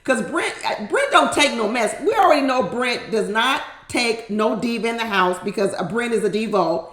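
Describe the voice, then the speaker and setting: A woman's voice: a little high, lively intonation, moderate pace, fairly bright tone, echoey room. A middle-aged woman chatting casually and animatedly to her viewers, laughing often as she recaps a reality show. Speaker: YouTube reality TV recap host. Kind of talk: casual chat.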